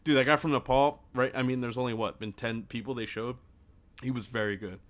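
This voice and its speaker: A young man co-hosting a podcast, telling stories in a profane, excitable casual chat. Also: medium pitch, fairly quick. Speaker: podcast co-host.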